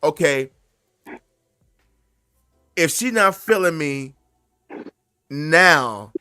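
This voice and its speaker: A man co-hosting a casual chat who speaks in a laid-back, agreeable way and often goes quiet. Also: on the high side, lively intonation, drawn-out words, smooth, no echo, studio quality, soft background music. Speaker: podcast co-host.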